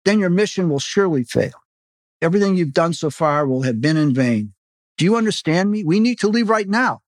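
A man reading aloud and voicing a confident female secret agent who gives brisk, clipped orders. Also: high-pitched, animated, no echo, clean studio sound. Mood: commanding. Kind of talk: audiobook reading.

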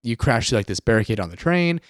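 A man chatting on a podcast with a lively, bouncing voice, rambling along with many "like" fillers. His pitch leaps around as he drifts into playful impressions. The sound is dry and close. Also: quick pace, no echo. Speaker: podcast co-host. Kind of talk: casual chat.

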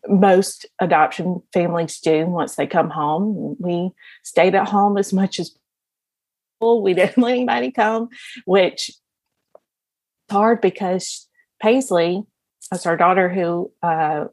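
A woman's voice: fairly low pitch, unhurried, pauses often, a little mellow, no echo. A woman guest on a podcast, telling her story in a casual, rambling way, often laughing and restarting her sentences. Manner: laughs often while talking; rambling, with many fillers and restarts.

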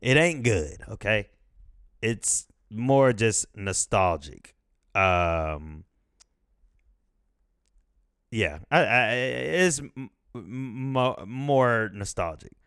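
Slow, low-voiced rambling man. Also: expressive, a bit bright, clean tone, no echo, clean studio sound. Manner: rambling, profane, laughing. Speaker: podcast host. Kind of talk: casual chat.

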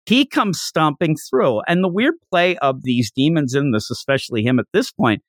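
Animated man recapping a manga chapter. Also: a little high, normal speed, no room sound, studio quality. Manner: animated, laughing, acts out characters' lines. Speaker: podcast host.

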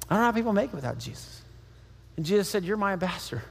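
A man's voice: sits high, lively intonation, very fast, slightly rough, big-room sound. A man preaching a sermon as a pastor, telling a story animatedly and acting out the voices of the people in it.

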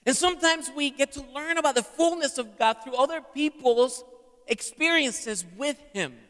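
A man's voice: very high voice, normal speed, a bit bright. A man preaching a sermon to a live congregation and having them repeat words back. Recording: long hall reverb.

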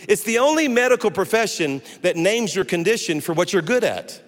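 Sermon casting: man, 60s, fairly high voice, funny animated preacher, long church reverb. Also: normal speed. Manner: animated storytelling with humor. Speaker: guest pastor. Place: church sanctuary.

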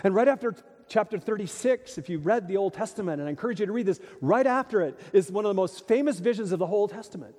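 Animated high-voiced preacher in a reverberant hall. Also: male voice, fast talker, few pauses. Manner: animated, emphatic preaching with rhetorical questions. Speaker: pastor. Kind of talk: sermon. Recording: long reverb of a large hall.

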